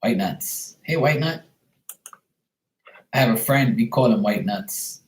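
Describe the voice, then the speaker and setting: A man's voice: mid-range voice, animated, takes it slowly, pauses often, reverberant. A man hosting a casual livestream chat, talking in a joking, crude, rambling way. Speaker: livestream host.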